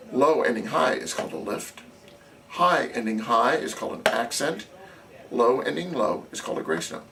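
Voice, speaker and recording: A man's voice: mid-range voice, a bit bright. A man teaching snare drum technique as a drumline instructor, explaining methodically and counting beats aloud. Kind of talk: instructional demonstration. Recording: distant camera audio with faint noise.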